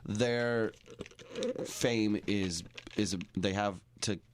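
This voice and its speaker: A man co-hosting a casual podcast chat in a laid-back way, dropping his voice low for quotes. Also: fairly even intonation, very slow, slight background noise. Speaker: podcast co-host.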